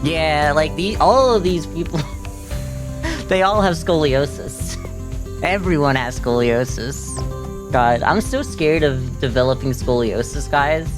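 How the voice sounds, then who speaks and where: A man's voice: fairly high pitch, animated, slow, music in the background. A man streaming a video game, talking casually, rambling and joking with frequent giggles.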